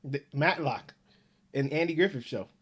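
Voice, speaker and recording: A man's voice: mid-range voice, normal speed, background noise. A man co-hosting a reaction video, tossing in casual, offhand remarks. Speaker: reaction channel co-host.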